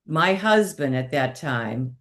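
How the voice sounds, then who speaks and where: A woman's voice: extremely low pitch, lively intonation, slow pace, fairly bright tone. A middle-aged woman, a comedic impressionist, telling stories animatedly in an interview and laughing often. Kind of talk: chatty interview storytelling.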